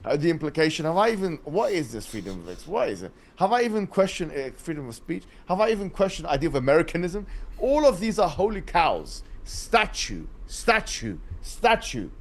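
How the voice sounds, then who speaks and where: A man with a high voice argues on a podcast, talking in a lively, mocking way. He laughs as he goes and mimics the people he is criticizing. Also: fairly quick. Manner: mocking, mimics opponents, laughs while arguing. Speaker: debater guest. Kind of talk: animated podcast argument.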